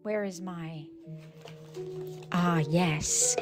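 A woman's voice: medium pitch, moderate pace, music in the background. A woman hosting a live stream, running an improvised tavern role-play in a theatrical, mock-archaic tavern-keeper manner into a phone.

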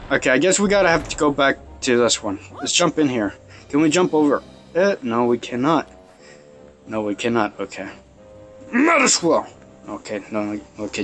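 A young man giving excitable, casual commentary while playing a video game, talking to his viewers into a phone. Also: on the high side. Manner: excitable, yelps and exclaims at the game, talks to viewers. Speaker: let's play host.

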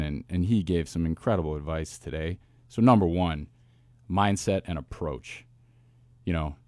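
Deep-voiced man telling a story. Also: no room sound, clean studio sound. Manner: animated storyteller, quick asides and restarts. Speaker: wide receivers coach, guest. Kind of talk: casual interview storytelling.

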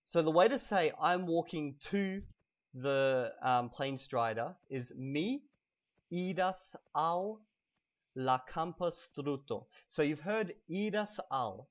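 A young man giving a casual language lesson while playing a video game, relaxed and chatty, slowly stressing words so they can be heard. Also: medium pitch, muffled recording. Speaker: language teacher.

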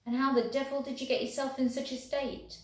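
A woman voicing a gentle, devoted young male soldier who talks soothingly to a horse. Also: sits high, level tone, a little fast, pitched above the performer's own voice, lightly acted. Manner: soft, soothing talk to a horse. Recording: very echoey room.

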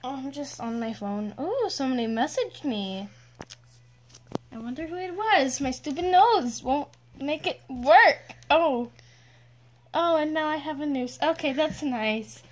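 A girl doing silly toy-play commentary in a deadpan, offhand way. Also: high-pitched, measured pace. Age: teens. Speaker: video co-host.

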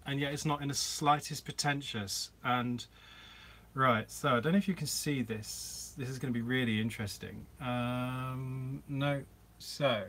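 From inside a camper van, a vlogger hosts a live Q&A, chatting casually on the stream. He has a bright, mid-range voice and rambles chattily, greeting viewers by name.

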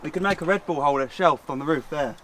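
A man's voice: a little high, fast, noisy background. A man chatting casually and joking with a friend at an outdoor bike track. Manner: chatty, self-mocking banter. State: out of breath. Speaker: vlogger and rider. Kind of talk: casual chat.

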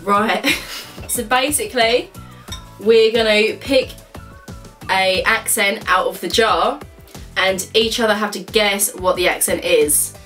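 A woman's voice: medium pitch, slow pace, fairly bright tone, recorded from a distance, faint music behind. A woman appearing as a guest on a friend's vlog, teasing and laughing through a casual chat. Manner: giggly, teasing and loose.

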